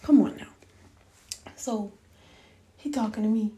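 A woman's voice: on the high side, unhurried, warm tone. A young woman telling viewers a story in a casual storytime rant, blunt, profane and exasperated. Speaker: vlogger.

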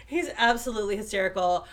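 A woman in a casual podcast chat, enthusiastic and quick to laugh and agree. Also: a little high.

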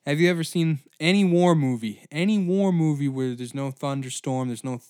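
A man hosting a comedy history podcast, ranting in a profane, animated way. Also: on the high side, moderate pace, clear, resonant tone, no room sound, studio quality. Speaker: podcast host.

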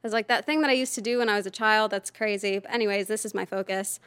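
A woman guest on a podcast, telling stories casually and lively, often slipping into quoted voices. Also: mid-range voice, fast, clean tone, dry recording. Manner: animated, lively storyteller who slips into quoted voices. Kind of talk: casual storytelling in conversation.

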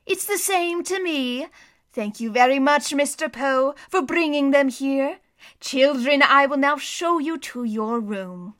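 A woman reading aloud and voicing a sly, greedy, thin villain man with a wheezy whisper, speaking slowly. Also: high-pitched, a bit bright, pitched above the performer's own voice. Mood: smug. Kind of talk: storybook reading.

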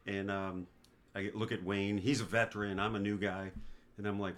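Fifties man, somewhat low pitch, chatty guest spinning long anecdotes. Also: level tone, moderate pace, fairly bright tone. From East Coast of the United States. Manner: leisurely anecdotal storyteller who acts out others' lines. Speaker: guest, father of the host. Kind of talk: casual storytelling chat.

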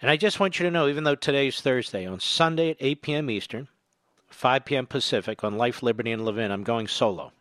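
A man's voice: mid-range voice, fast, a bit bright, no echo. An older man hosting a political talk radio show, delivering a combative, sarcastic monologue that swells to emphatic peaks. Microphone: studio microphone.

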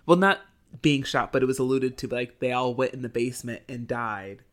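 A young woman co-hosts a podcast in a very deep voice at a moderate pace. Her casual chat rambles, with frequent hesitations and giggles.

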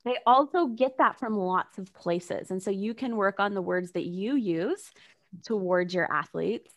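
A woman hosting a casual conversation, animated and chatty, laughing easily and leaning on "like" as a filler. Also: mid-range voice, measured pace. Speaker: podcast host.

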